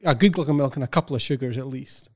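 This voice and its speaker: A man's voice: medium pitch, rapid-fire. A man in a casual podcast chat who speaks in a wordy, precise way and often restarts his sentences.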